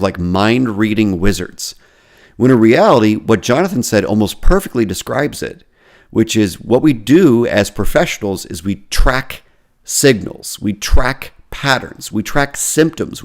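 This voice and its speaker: A man hosting a podcast, casually reading and commenting on social media posts with self-deprecating asides. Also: lowish voice. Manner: self-deprecating, chatty, lots of restarts. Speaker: podcast host and therapy professor.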